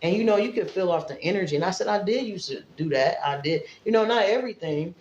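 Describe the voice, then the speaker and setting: A woman's voice: on the low side, animated, fast, darkish tone, echoey room, highs cut off, a little hiss or hum. A woman from Indiana talking straight to her viewers in a casual vlog, rambling and emotional. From Fort Wayne, Indiana, US. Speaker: vlogger. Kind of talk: casual livestream-style vlog talk.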